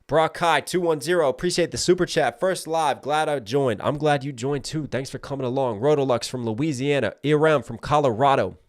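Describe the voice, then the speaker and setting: A man in his thirties from Maryland, hosting a live stream, rattling off viewer shout-outs at speed before closing with a calm, reflective message to his audience. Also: mid-range voice, no echo, clean studio sound. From Maryland, USA. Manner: rapid roll-call of viewer names, then slower and reflective. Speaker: livestream host.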